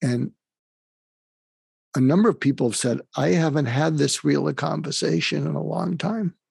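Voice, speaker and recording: An older man talks in a gravelly, husky voice, slow and halting, with many small pauses. He sounds calm and close to the mic. The room adds little echo. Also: a little high. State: facing terminal illness. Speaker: guest, psychiatrist and author. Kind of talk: emotional conversational interview.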